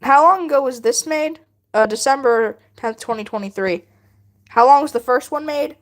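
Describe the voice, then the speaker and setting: High-voiced playful woman streamer. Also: normal speed. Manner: playful, teasing, laughs often, answers chat. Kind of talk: casual live-stream chat while drawing.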